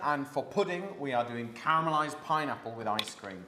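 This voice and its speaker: A man's voice: mid-range voice, lively intonation, normal speed, pushed and bright, roomy sound. A man hosting a live cooking class from his home kitchen, chatting and joking with his daughter while he explains each step.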